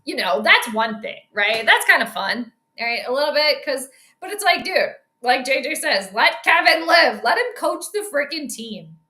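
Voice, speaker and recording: A woman's voice: sits high, big pitch swings, moderate pace, bright, forceful tone, echoey room. A woman hosting a sports live stream, chatting casually and joking with a co-viewer as she comments on the game.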